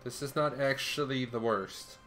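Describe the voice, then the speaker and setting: A man's voice: medium pitch, unhurried, faint music behind. A young man streaming a game live, ranting and swearing as he comments on what he sees. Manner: animated, ranting, swears a lot. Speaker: livestreamer. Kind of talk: casual gameplay commentary.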